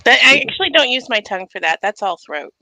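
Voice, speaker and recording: A woman's voice: a little high, big pitch swings, quick pace, sharp tone, no echo, poor audio. A woman chatting casually on a livestream, playful and giggly. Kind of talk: casual chat.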